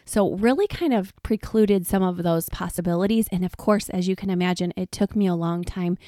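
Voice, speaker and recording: A woman in her forties, chatty and laughing often, telling personal stories in a relaxed podcast monologue. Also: lowish voice, fairly quick, no room sound, studio quality. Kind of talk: casual personal storytelling.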